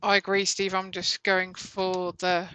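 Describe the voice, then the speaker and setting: A woman with a clear, bright voice reads viewers' comments aloud and ribs her co-host now and then. Her tone is smooth and crisp, and the sound is dry and close. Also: mid-range voice, monotone, a little slow, dry recording, rough recording. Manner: teasing, reads messages aloud. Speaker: co-host reading out chat comments. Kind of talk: reading viewer comments on a live stream. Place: home workshop.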